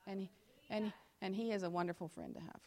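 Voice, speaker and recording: Standing before a church congregation, a woman who teaches alongside her pastor husband delivers a sermon in a steady tone. She reads scripture slowly, loudly and emphatically, then slips into quiet, quick, confiding asides and asks the congregation direct questions.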